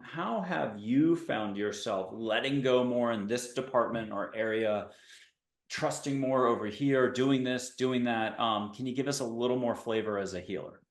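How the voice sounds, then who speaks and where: Joking man hosting in an echoey room. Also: mid-range voice. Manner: jokey, rambling, tells dad jokes. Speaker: podcast host. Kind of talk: casual video-call interview.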